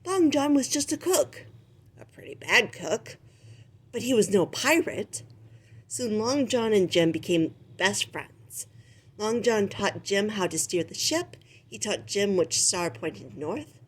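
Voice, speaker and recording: A woman reading a children's picture book aloud with expressive, animated storytelling. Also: mid-range voice, slow pace, breathy edge. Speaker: storybook reader.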